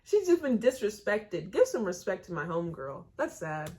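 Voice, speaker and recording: A woman's voice: fairly low pitch, very animated, normal speed, a little mellow. A young American woman hosting a reaction video, chatting casually and exclaiming questions aloud. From United States.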